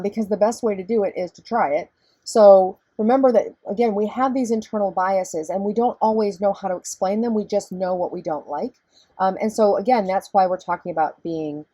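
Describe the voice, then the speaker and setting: Step by step and in a chatty manner, a middle-aged woman professor explains her material in a recorded lecture. Her voice is low, husky, and mellow, and the sound has no echo.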